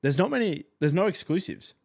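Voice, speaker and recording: A man's voice: a little high, lively intonation, fairly quick, gravelly, darkish tone, dry recording, studio quality. A young man co-hosting a music podcast in casual, playful chat that often trails off. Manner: laid-back, playful, trails off. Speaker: podcast co-host.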